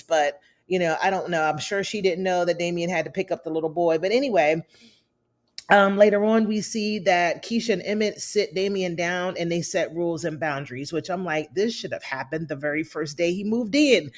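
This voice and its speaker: A woman's voice: lowish voice, normal speed. A woman giving a casual, opinionated recap of a TV episode and talking straight to her viewers. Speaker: TV recap reviewer.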